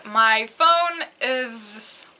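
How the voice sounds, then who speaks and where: A young woman tells her own story slowly and hesitantly, often breaking into laughter. Her voice is bright and a little high. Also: expressive. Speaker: cosplayer sharing a story. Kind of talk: casual storytelling chat.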